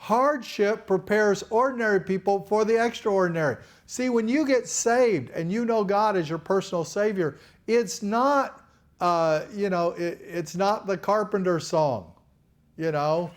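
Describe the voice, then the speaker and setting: A man's voice: high voice, a little slow. A man preaching a sermon to a congregation in an earnest, folksy way, often repeating words as he goes.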